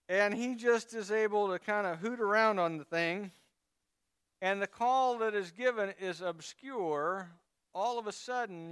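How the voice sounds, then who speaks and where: A man's voice: high voice, fairly bright tone, clear, resonant tone, dry recording, studio quality. A man preaching a sermon in a conversational way, with asides and prompts to the congregation. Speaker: pastor.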